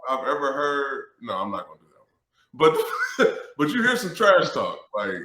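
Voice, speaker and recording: A man who is a former pro football lineman, telling stories in a casual interview, animated and laughing, swearing freely. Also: medium pitch, normal speed, a crowd in the background. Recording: roomy echo.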